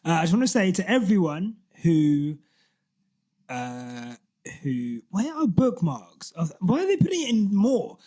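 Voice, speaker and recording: A man co-hosting a podcast in casual chat, animated and often laughing as he reads posts aloud. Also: sits high, a little slow. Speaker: podcast co-host.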